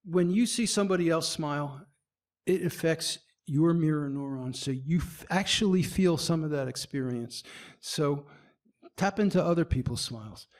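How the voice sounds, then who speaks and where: A fairly high-voiced man giving a presentation to a small business audience. His delivery is animated: he acts out the expressions he describes and trips over his words, backing up to restart. The overall feel is loose and unscripted. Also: moderate pace. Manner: animated, demonstrates expressions as he speaks; frequent restarts and stumbles. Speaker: presenter at a marketing meetup. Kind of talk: presentation talk.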